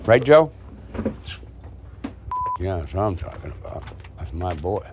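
Candid older man, low voice. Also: sing-song, measured pace, heavy background noise. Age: 60s. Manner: rambling and candid, laughs easily. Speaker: interviewee, boat owner. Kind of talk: casual chat. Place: outdoors, home and harbor.

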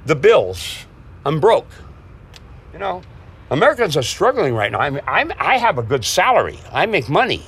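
A man's voice: fairly high pitch, very animated, moderate pace, a bit bright, slightly rough. A man in his sixties talking casually and candidly outdoors, rambling and laughing easily. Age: 60s. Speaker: interviewee, boat owner. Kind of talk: casual chat. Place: outdoors, home and harbor.

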